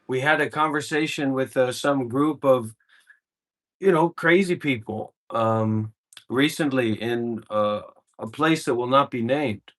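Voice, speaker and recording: A man's voice: medium pitch, measured pace, a bit bright. A man giving an informal spiritual talk as a meditation teacher, blunt and profane, and driving his points home with emphatic repetition.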